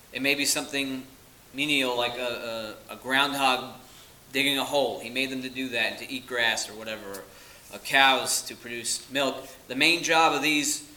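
Male pastor, very bright tone, earnest emphatic delivery. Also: medium pitch, poor audio. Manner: earnest preaching with emphatic repetition. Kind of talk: sermon.

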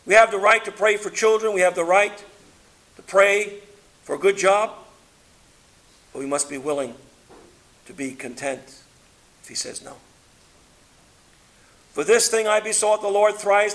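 Man, preacher, sermon, high-pitched, emphatic surges, quiet low drops. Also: steady tone, normal speed, long pauses. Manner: rises to loud emphatic peaks, drops to quiet; reads scripture aloud in King James wording.

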